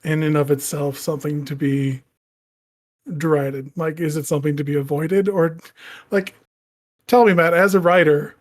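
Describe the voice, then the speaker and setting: A man's voice: a little high, fairly even intonation, moderate pace. A man co-hosting a casual podcast discussion, asking probing questions and thinking aloud. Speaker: podcast co-host.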